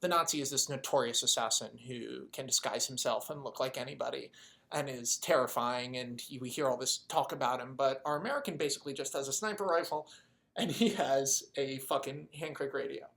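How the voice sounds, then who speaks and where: A casual storyteller rambling through a made-up movie plot, full of swearing and little acted-out snippets of dialogue. The voice sits at an ordinary middle pitch. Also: a little fast, creaky, a bit bright. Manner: rambling, profane, acts out the characters' lines. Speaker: video creator pitching a movie idea.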